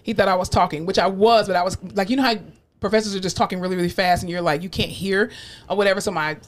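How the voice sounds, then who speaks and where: Fast-talking profane woman podcast host. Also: medium pitch. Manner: animated storyteller, profane, acts out quotes. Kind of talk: casual chat.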